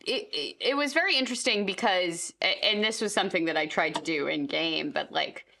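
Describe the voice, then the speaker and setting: A woman's voice: lowish voice, fairly quick, gravelly, bright, forceful tone. A woman player chatting casually in a studio about a tabletop game, rambling with many fillers and restarts. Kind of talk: casual chat.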